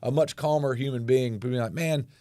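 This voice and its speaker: A man's voice: on the low side, normal speed, no room sound, clean studio sound. A man of forty with a Southern US accent, a musician talking candidly in an interview and swearing freely. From North Carolina, US. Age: 40s. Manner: candid, swears freely, animated when telling stories. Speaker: musician guest. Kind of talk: casual interview talk.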